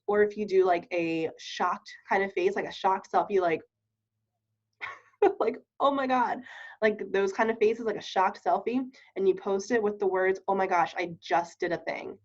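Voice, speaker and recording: A woman's voice: mid-range voice, a little mellow. A woman giving a casual training talk on network marketing, chatty and laughing often, checking in with her listeners. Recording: dull lo-fi recording.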